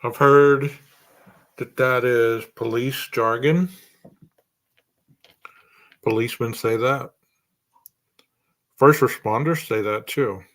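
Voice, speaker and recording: A man's voice: mid-range voice, slow, long pauses. A man hosting a true crime podcast, speculating aloud through a string of rhetorical questions.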